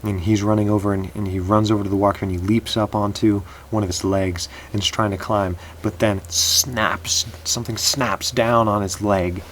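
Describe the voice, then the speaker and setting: Give me a man with a low voice telling a story haltingly, with faint background noise. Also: little pitch movement, fairly bright tone, poor audio. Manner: halting, repeats words often. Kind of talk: improvised spoken storytelling.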